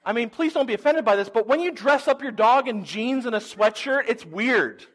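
A high, light-voiced man preaches in a relaxed, conversational way. He tells the story with animation and drops in humorous asides as he goes. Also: normal speed. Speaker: pastor. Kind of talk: conversational sermon.

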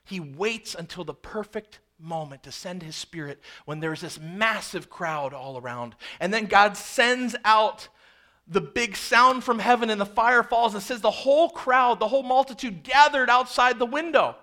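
A man in the pulpit with a notably high, ringing voice and a sharp, forceful edge. He preaches in a casual, story-driven way, acting out scenes as he goes. His delivery swings between loud, soaring emphasis and quiet, hushed asides. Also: moderate pace. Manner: conversational and storytelling, acts out scenes. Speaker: pastor. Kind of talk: sermon.

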